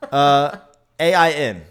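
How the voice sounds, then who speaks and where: A man co-hosting a casual podcast chat, talking in an animated, ranting way and laughing often. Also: fairly high pitch, extremely slow, clean tone. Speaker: podcast co-host.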